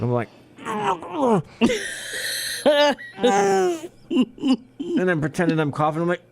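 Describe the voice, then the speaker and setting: A man co-hosting a community radio show, telling a story in a casual, animated way with lots of laughter. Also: on the high side, measured pace, vocal fry, long pauses. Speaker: co-host.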